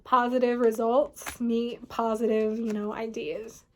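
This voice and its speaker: A woman's voice: a little high, level tone, measured pace. A woman giving a casual tarot reading, rambling and filling her talk with "like" and "you know what I mean". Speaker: tarot reader.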